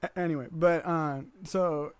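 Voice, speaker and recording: A man's voice: a little high, fairly even intonation, unhurried, smooth, no room sound. A young man co-hosting a podcast, chatting casually and rambling through stories with frequent laughter. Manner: rambling, laughs often, mimics coworkers in quotes. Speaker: podcast co-host. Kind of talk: casual chat.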